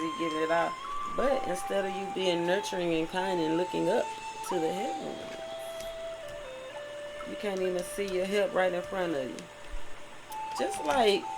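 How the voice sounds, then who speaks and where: A tarot reader's medium-pitched voice comes through a low-quality recording, with music underneath, in a preachy spiritual monologue. The reader switches between reading passages aloud and offering heartfelt thoughts, repeatedly tossing in "right?".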